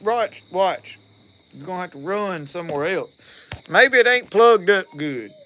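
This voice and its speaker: Folksy Southern man, high bright voice. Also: expressive, measured pace. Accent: Southern US (Mississippi). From Mississippi, US. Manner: folksy, rambling, laughs easily. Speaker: livestream host. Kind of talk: casual live-stream chat, reading viewer comments.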